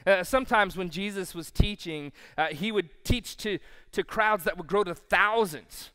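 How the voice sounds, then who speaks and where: High-pitched man, smooth clear voice, animated sermon delivery, long church reverb. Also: moderate pace. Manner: animated storytelling, acting out quotes. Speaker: pastor. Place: church sanctuary.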